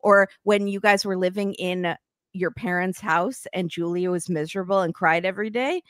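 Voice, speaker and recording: A woman co-hosting a casual podcast with wry, quick asides. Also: fairly low pitch, clear, resonant tone, dry recording, studio quality. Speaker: podcast co-host. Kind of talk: casual chat.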